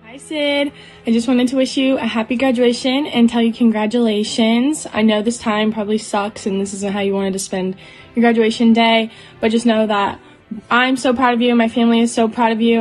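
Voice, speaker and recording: A woman's voice: fairly high pitch, fairly even intonation, moderate pace, faint music behind, rough recording. A woman giving a chatty, enthusiastic congratulations message. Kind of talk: casual video message.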